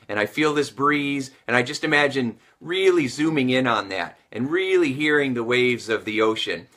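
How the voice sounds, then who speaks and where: A man teaching as a sales and communication coach, talking to camera in an energetic, motivational way and repeating phrases for emphasis. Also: medium pitch.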